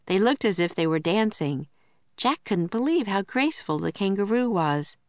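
A woman reading a children's book aloud in a clear, steady storytelling voice. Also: mid-range voice, moderate pace, dry recording. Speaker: narrator.

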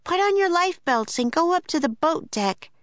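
A woman's voice: sits high, animated, measured pace, creaky, dry recording, pitched above the performer's own voice, exaggerated voice. A woman reading a story, voicing a young girl who is eager, bossy and insistent. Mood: urgent. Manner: urgent, insistent. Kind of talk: audiobook character voice.

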